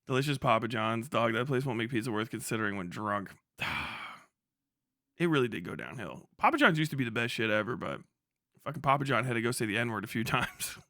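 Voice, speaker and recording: A man's voice: medium pitch, animated, fairly quick, pushed and bright, dry recording, clean studio sound. A young man doing casual livestream commentary, profane and mocking, laughing often as he rambles. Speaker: live streamer.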